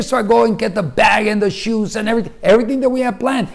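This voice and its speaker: A man's voice: high voice, fast, creaky. A middle-aged man, a husband and father, in casual storytelling chat, acting out the lines he quotes. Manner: animated storyteller who acts out quoted lines with bursts of loudness.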